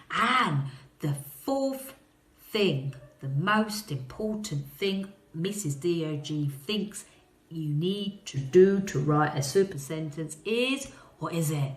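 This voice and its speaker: A woman teaching a phonics lesson to young children, talking in a slow, encouraging way and coaxing them to answer. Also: mid-range voice, reverberant.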